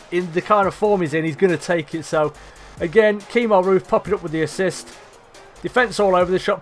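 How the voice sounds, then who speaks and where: Brief: young man, high voice, sweary excitable football game commentary, faint music underneath. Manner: excitable, swears often, shouts at players. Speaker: gaming commentator.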